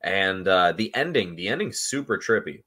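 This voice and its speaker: A man with a lowish voice talks through his thoughts on a film podcast. He rambles, trails off with ums and restarts his sentences. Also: expressive, moderate pace, pushed and bright. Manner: rambling, hesitant with frequent ums. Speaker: podcast panelist. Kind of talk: casual chat.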